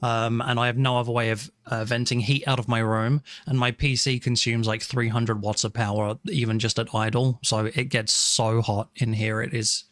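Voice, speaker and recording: A man's voice: mid-range voice, level tone, moderate pace, few pauses, a bit bright, no room sound. A casual English streamer, a man with an English accent, talking with his viewers from his room at home. His voice sits in a middle register and is recorded dry and close, with hardly any room sound. He rambles, thanks people and restarts his sentences often. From England. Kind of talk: casual live-stream chat. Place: small warm room at home.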